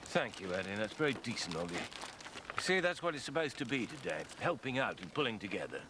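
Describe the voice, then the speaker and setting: A man's voice: fairly low pitch, sing-song, brisk, distant mic, noisy background. An actor playing a pompous, stiffly formal middle-aged man organising a street party. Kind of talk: soap opera acting.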